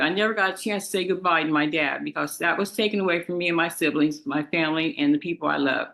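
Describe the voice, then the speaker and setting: A woman of about twenty reads her victim impact statement in court, grief-stricken and tearful, halting and restarting as she speaks of her father. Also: low-pitched, steady tone, gravelly, fairly bright tone, rough recording.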